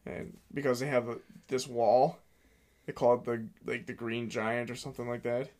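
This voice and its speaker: A man's voice: mid-range voice, flat delivery, moderate pace, a little mellow. Young male podcast co-host, nasal, easygoing, laughs easily. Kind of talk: casual chat.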